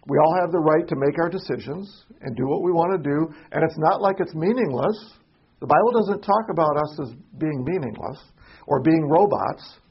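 Man, Sunday school teacher, slightly high voice, gravelly, chatty and halting, classroom recording. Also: lo-fi sound. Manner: halting, repeats words, asks the class questions. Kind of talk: informal Bible class teaching. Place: church classroom.

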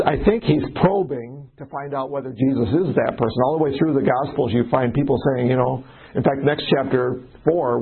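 Man, Bible study teacher, husky voice, conversational, tinny phone-like sound. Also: medium pitch. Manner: conversational, asks the group questions.

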